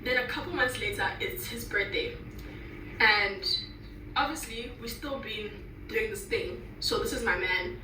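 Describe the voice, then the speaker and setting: A woman's voice: mid-range voice, measured pace. A woman telling a dramatic story in casual chat, exclaiming and laughing as she goes. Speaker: storyteller in a clip. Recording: echoey, distant, noisy.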